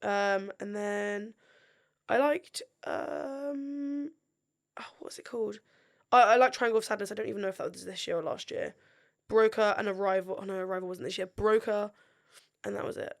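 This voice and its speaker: A woman's voice: mid-range voice, normal speed, creaky. A woman co-hosting a podcast, talking casually and often trailing off into fillers. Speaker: podcast co-host. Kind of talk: casual chat.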